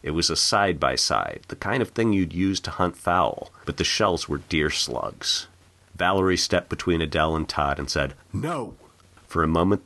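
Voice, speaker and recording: A man reading his own short story aloud in an expressive, animated narration. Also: rumbling low. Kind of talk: audiobook narration.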